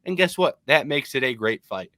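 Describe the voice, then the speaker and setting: Animated man, dry close sound. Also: mid-range voice, moderate pace, no echo. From Michigan. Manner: animated, opinionated, frequent ums. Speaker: co-host of an MMA podcast. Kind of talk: casual podcast chat.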